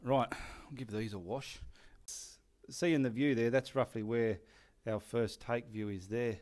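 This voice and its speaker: A man's voice: mid-range voice, fairly even intonation, a little slow, a little mellow. A middle-aged man with an Australian accent, chatting casually and swearing as he paints and gives directions behind the scenes. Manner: swears freely, jokes and mutters instructions to himself. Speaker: artist.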